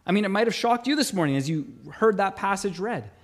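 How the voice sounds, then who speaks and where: A middle-aged man preaches a sermon, his voice sitting high and swinging widely as he tells a story. He acts out the dialogue with animated shifts, playing every part himself. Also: a little fast. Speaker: pastor.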